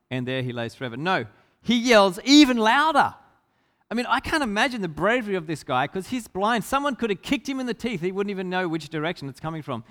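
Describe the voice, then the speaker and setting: With a long hall reverb trailing his words, a preacher tells an emphatic story in his sermon and asks the congregation rhetorical questions. His voice sits high and has a fairly bright tone.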